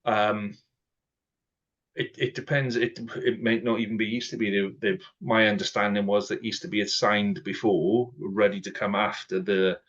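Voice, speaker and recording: A man's voice: lowish voice, flat delivery, moderate pace, a bit bright. A man co-hosting a podcast in a casual, chatty way, acting out quoted exchanges as he goes. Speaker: podcast co-host. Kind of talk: casual chat. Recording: dull lo-fi sound.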